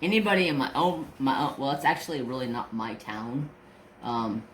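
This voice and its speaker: Male crafting-channel host, casual storyteller: animated, sing-song pitch, loose cussing, stumbles and repeats words. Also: moderate pace, echoey room, a little hiss or hum. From Northern California. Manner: animated, swears freely, repeats and restarts words.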